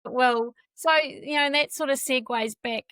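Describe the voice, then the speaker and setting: A woman's voice: high voice, fairly even intonation, moderate pace, a bit bright, clear, resonant tone, no room sound. A woman hosting a podcast and talking casually with her guest. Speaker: podcast host. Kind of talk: casual interview.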